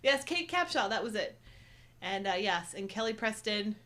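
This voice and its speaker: A woman's voice: mid-range voice, big pitch swings, moderate pace, bright, forceful tone. A woman in her thirties co-hosting a casual live chat, bubbly and enthusiastic. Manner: bubbly, enthusiastic, laughs often. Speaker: co-host.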